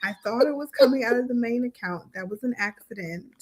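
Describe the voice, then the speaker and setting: A woman's voice: fairly high pitch, brisk, hardly any pauses, a little mellow. A woman in her forties co-hosting a casual live chat, candid and laid-back as she teases back at her husband. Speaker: co-host of a couple's channel.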